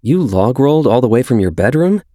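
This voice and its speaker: A man's voice: mid-range voice, big pitch swings, fairly quick, dark tone, dry recording, pitched above the performer's own voice, close to an everyday voice. A man voices a fierce teenage boy who lives for games, eager and insistent. He speaks above the reader's own register in a dry, close recording.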